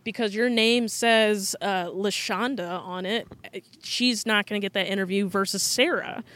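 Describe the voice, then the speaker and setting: A woman's voice: medium pitch, a little slow, fairly bright tone. A woman in casual conversation, chatty and full of fillers, often breaking into laughter. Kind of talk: casual chat.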